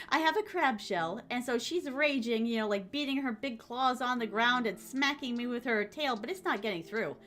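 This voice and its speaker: A woman streamer chatting casually with her viewers and reading their comments, with a soft, relaxing, motherly voice. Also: a little high, animated, normal speed.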